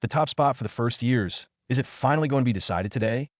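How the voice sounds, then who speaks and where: A man's voice: mid-range voice, quick pace, no room sound, studio quality, natural voice. A man voicing a nerdy, bespectacled teenage boy eagerly commentating a fight.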